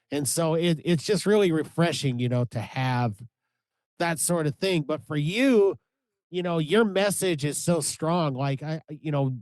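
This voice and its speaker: A man's voice: a little high, darkish tone, no echo. A man co-hosting a music podcast, talking earnestly in rambling casual chat with lots of restarts. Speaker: podcast co-host.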